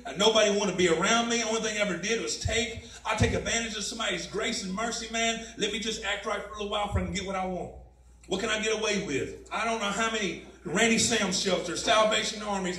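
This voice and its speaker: A man's voice: sits high, fairly bright tone. A man giving a personal testimony at a mission, talking conversationally and repeatedly saying "man" and "you know what I mean.". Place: mission chapel, roomy hall. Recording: echoey room, voice from a distance.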